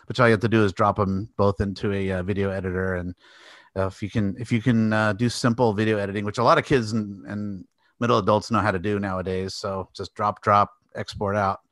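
A man's voice: on the low side, a bit bright, no room sound. A man co-hosting a casual arcade podcast, rambling and laughing often as he chats. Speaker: podcast co-host. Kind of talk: casual chat.

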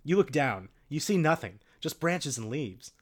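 A man's voice: on the high side, sing-song, normal speed. A man casually reading a storybook aloud with a friend, breaking into jokes and laughter. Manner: laughing, joking asides. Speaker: reader.

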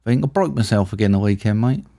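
Brief: man, late thirties, podcast co-host, mellow low voice, chatty storyteller, dry close sound. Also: fast talker, creaky, no room sound. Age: 30s. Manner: chatty, laughs at his own stories, swears freely. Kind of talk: casual banter.

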